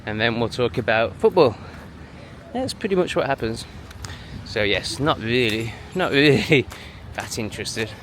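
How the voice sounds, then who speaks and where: A man's voice: medium pitch, expressive, unhurried, fairly bright tone, slight background noise. A man talking in a walking vlog, dismissive and sneering, out on a busy street. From England. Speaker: vlogger.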